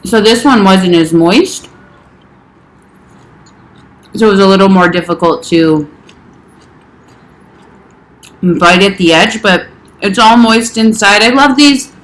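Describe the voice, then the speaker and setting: A woman's voice: medium pitch, a little slow, pauses often, reverberant, low-quality recording. A young adult woman health coach chatting casually in a home kitchen, rambling a little and talking with her mouth full. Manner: chatty, rambling, talks while eating. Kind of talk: casual vlog chat.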